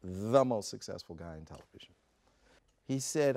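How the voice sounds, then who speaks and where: Man, interview guest, gravelly voice, lively storytelling, acts out quotes. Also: fairly low pitch, normal speed, dry recording. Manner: animated anecdotes with acted-out quotes.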